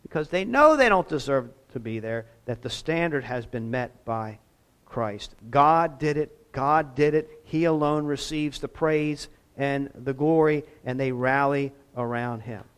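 A man's voice: medium pitch, animated, unhurried, clean tone. A man preaching a sermon as pastor, talking in a conversational way with self-deprecating asides.

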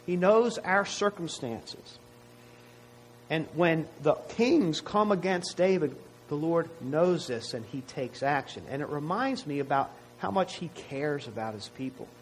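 A man's voice: a little high, animated, unhurried, a little hiss or hum, low-quality recording. A man preaching a sermon to his congregation in a conversational way, often asking rhetorical questions. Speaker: pastor.

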